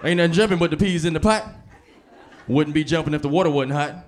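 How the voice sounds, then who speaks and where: A man voicing an easygoing older father who drinks and talks in riddles, in a low, laid-back drawl. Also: fast, a faint crowd, a little hiss or hum, close to an everyday voice.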